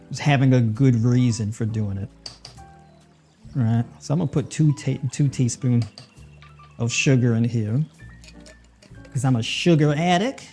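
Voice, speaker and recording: Relaxed New York man, mellow voice. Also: mid-range voice. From New York City. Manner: relaxed, chatty, with many fillers like "right?" and "you know". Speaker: nutritionist podcast host. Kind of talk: casual cooking talk.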